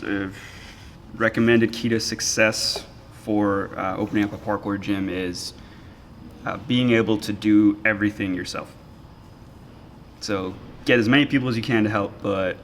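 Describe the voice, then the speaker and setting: Low-voiced man, halting podcast host. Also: a bit bright, a little hiss or hum. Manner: thoughtful, halting, restarts phrases. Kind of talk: casual chat.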